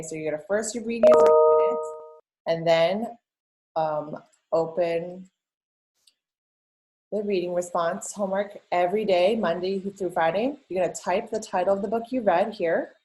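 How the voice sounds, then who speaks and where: A woman with a low, steady voice walks young students through a worksheet in a recorded remote lesson. She is patient and chatty, dotting her speech with "um" and "okay?" and reading sample sentences aloud with exaggerated pauses. It sounds like she is speaking into her computer microphone while sharing her screen. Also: low-quality recording. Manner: patient, explains step by step, many ums and okays. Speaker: elementary school teacher.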